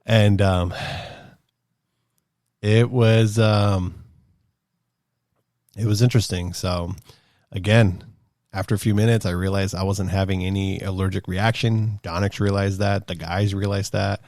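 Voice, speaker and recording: A man in his thirties casually telling a rambling, animated story as a podcast host, acting out quotes in a higher voice. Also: measured pace, long pauses, no echo, clean studio sound. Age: 30s.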